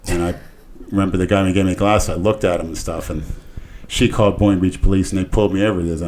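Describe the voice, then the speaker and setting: An older man with a fairly low voice tells a long, rambling story on a podcast. He is crude and offhand, and his delivery keeps swinging from mumbled to booming. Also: steady tone, fast talker, a little hiss or hum. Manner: rambling, crude, jumps between hushed and loud. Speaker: podcast regular. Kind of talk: casual storytelling rant.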